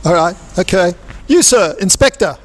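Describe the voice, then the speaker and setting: A man's voice: sits high, lively intonation, moderate pace. A man hosting a playful mock interrogation of cast members, teasing and theatrical.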